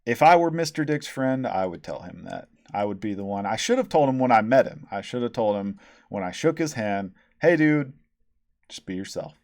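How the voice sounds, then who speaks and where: A man's voice: lowish voice, animated, fairly quick, darkish tone, dry recording, clean studio sound. A man hosting a casual, profane album review, rambling and sarcastic, with many ums and restarts. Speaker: podcast host reviewing albums.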